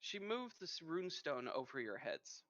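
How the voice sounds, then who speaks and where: A man with a Norwegian accent narrating a tabletop game as game master in a lively storytelling manner. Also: fairly high pitch, unhurried, dry recording. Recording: muffled lo-fi mic.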